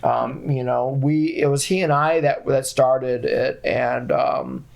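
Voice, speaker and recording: A man's voice: mid-range voice, fairly even intonation, takes it slowly, vocal fry, a little mellow. A man talking casually as a podcast guest, rambling through a story and laughing often. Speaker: guest, founder of a video company.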